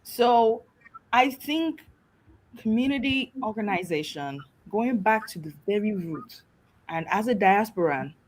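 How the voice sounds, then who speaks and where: A woman from Nigeria, a guest on a talk show, telling stories in a lively way with frequent laughs. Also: mid-range voice, a little slow, poor audio. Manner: lively, laughing, switches into mimicked voices. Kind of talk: animated storytelling talk.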